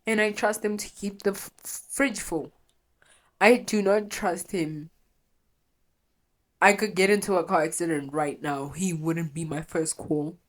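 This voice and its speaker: A young woman talks in a deep, low voice. She delivers a raw, confessional podcast monologue, blunt and profane, often trailing off mid-thought. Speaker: podcast host.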